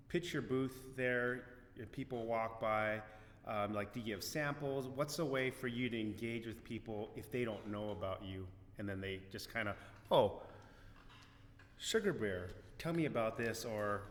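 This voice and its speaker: A man's voice: medium pitch, a little slow, fairly bright tone. A man co-hosting a podcast interview, asking long, rambling questions in several parts. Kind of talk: casual interview. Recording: roomy echo, long reverb, faint ambient noise.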